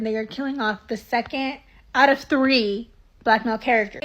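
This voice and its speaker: A woman's voice: a little high, fairly bright tone. A woman hosting a casual reaction video, chatty and emotional, swearing and laughing as she comments.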